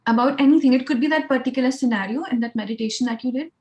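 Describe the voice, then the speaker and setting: A woman's voice: high voice, very fast, a little mellow. A woman, a keynote speaker leading a group activity in an encouraging, chatty way. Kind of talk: online club session hosting.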